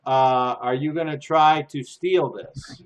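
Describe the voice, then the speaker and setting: A man's voice: a little high, steady tone, takes it slowly. A man narrating a tabletop game from home as game master, loose and rambling.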